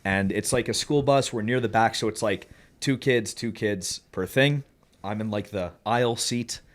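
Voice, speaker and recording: A man telling a story on a podcast in a casual, profane, animated way, often laughing as he talks. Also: fairly low pitch, normal speed. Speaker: podcast co-host.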